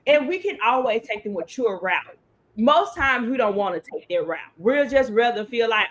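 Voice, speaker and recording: A woman's voice: a little high, animated, normal speed, a bit bright. A woman co-hosting a podcast, chatting casually and working through advice with acted-out everyday examples. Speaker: podcast co-host. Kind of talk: casual chat.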